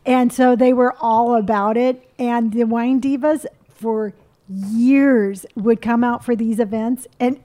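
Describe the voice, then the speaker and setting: Brief: middle-aged female co-host, chatty, a bit high-pitched. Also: steady tone, takes it slowly, warm tone. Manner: chatty, reminiscing, quotes people. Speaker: podcast co-host. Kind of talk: casual chat.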